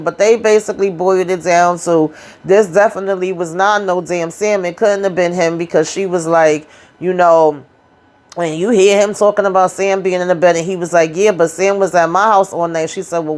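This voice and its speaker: A woman casually recapping a TV drama episode, acting out the characters' lines with slangy asides. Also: fairly low pitch. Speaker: TV recap host.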